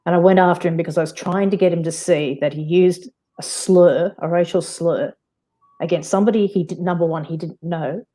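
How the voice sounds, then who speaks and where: A woman's voice: lowish voice, fairly even intonation, brisk, mellow. A woman with an Australian accent, a guest on a live-stream panel, arguing insistently with many restarts. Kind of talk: heated casual argument.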